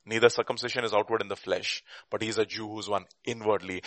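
A man preaching a sermon and teaching a Bible class, emphatic, with rhetorical questions and bursts of loud stress. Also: on the low side, steady tone, quick pace, few pauses, no room sound.

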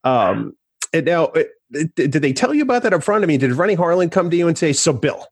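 A man co-hosts a podcast and asks a guest questions with eager, joking energy. His pitch moves a lot as he talks, and the recording is dry and close. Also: sing-song, fast talker, breathy edge, no echo. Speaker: podcast co-host. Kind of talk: casual interview questions.

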